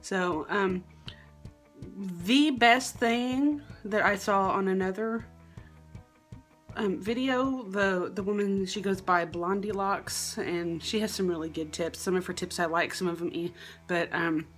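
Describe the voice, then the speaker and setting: A woman's voice: a little slow, soft background music. A young woman from South Carolina with a Southern accent, rambling chattily through a wig and makeup tutorial at home. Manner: chatty, rambling, self-deprecating, drops into a low murmur at times. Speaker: wig and beauty vlogger. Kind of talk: casual tutorial chat.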